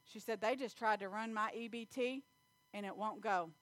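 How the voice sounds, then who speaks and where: A woman preaching a sermon in church, telling stories and acting out scenes with loud animated bursts. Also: medium pitch, moderate pace, no echo. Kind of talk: sermon with storytelling.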